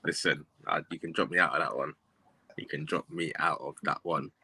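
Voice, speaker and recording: A man's voice: very deep voice, steady tone, a little fast, gravelly, sharp tone, breathy edge, dry recording. A young man, a guest in a casual football chat, talking emphatically and calling people bro. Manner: emphatic, keeps saying bro. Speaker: guest pundit.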